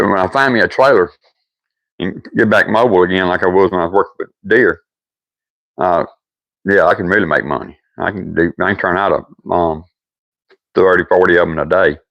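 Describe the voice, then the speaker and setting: An older man with a Deep South accent, hosting a livestream and chatting casually with viewers in a folksy, rambling way. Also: normal speed, creaky, long pauses, no room sound, muffled recording. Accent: Deep South American. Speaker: livestream host.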